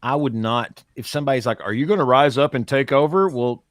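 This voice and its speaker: A man's voice: mid-range voice, a little fast, no echo, clean studio sound. A man co-hosting a casual podcast, joking and slipping into ironic mock voices. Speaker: podcast co-host. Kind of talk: casual chat.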